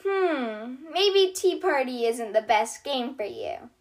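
Casting: a woman playing a kind, reassuring little girl doctor, high and bright, storybook read-aloud. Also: lively intonation, takes it slowly, heavily acted. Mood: cheery. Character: cheerful, caring young girl toy doctor.

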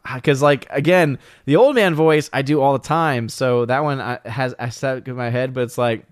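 A man's voice: medium pitch, moderate pace, no room sound. Rambling opinionated man on a dry mic. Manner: rambling, many restarts and fillers; blunt, opinionated. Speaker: live stream host reading chat. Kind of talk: casual live chat.

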